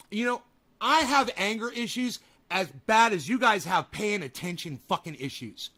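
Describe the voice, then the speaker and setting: A man hosting a livestream, ranting at his chat. He yells and swears in exasperation, then drops to an apologetic mutter. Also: high-pitched, expressive, normal speed. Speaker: livestream host. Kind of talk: ranting live commentary.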